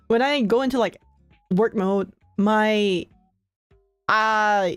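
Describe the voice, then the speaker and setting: A woman's voice: mid-range voice, drawn-out words, clear, resonant tone, no echo, faint music behind. Chatty young woman, dry close mic. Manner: chatty and relaxed, heavy use of filler words; laughs often between thoughts. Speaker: streamer hosting her own channel. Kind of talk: casual chat with viewers.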